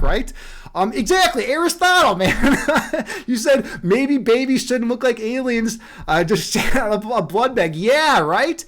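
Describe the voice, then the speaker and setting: Man on a livestream, high voice, rambling, swearing, chuckling at himself. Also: sing-song, normal speed, a bit bright. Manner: rambling and profane, laughs at his own jokes. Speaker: livestream host. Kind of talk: casual livestream monologue.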